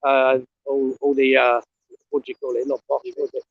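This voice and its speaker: A breathless middle-aged man with a gravelly, creaky voice, rambling bluntly and swearing as he trudges up a hill. He is recorded outdoors on a phone, with a close, dry sound. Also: medium pitch, completely flat delivery, moderate pace, no room sound, muffled recording. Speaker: vlogger. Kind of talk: casual walking vlog. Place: outdoors on a steep hill road.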